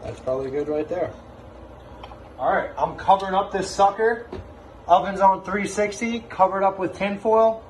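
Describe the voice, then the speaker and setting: A man's voice: high-pitched, moderate pace, a little hiss or hum, low-quality recording. A man casually talking through a recipe as he cooks in his home kitchen, in a chatty, joking way. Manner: chatty, jokey, upbeat. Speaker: home cooking vlogger. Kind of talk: casual cooking demo.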